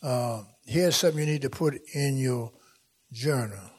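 A man preaching a sermon as pastor, folksy and repetitive, swelling into shouts. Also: medium pitch, a little slow, husky. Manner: casual folksy speech with "y'all" and "ain't". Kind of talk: fiery sermon. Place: church sanctuary with congregation.

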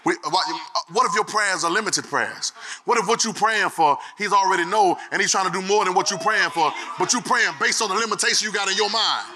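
A man's voice: sits high, fairly quick, sharp tone. A man preaching a sermon in a dialect, using call-and-response and shifting his tone. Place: church. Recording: echoey hall, faint noise.

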